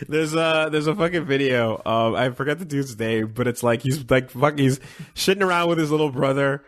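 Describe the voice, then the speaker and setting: A man's voice: mid-range voice, moderate pace. A man co-hosting a casual podcast. He is laid-back, swears casually and often chimes in to agree. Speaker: podcast co-host.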